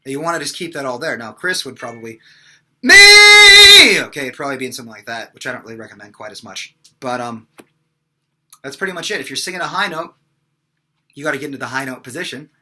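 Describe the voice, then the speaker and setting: A man's voice: medium pitch, fast talker, pushed and bright. A young man teaching singing casually, with lots of fillers between his examples. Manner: casual, talks with many fillers between demonstrations. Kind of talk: vocal lesson with sung examples.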